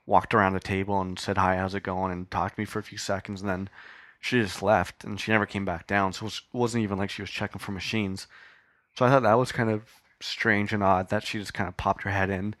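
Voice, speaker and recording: A man telling a loose, rambling story on his podcast, dropping in casual swearing as he goes. His voice sits fairly low. He records on a podcast mic in a dry home studio. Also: a bit bright, dry recording. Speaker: podcast host.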